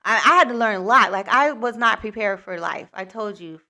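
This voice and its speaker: Woman, livestream host, casual and candid, bright tone, rambling with fillers. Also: mid-range voice, expressive, a little fast.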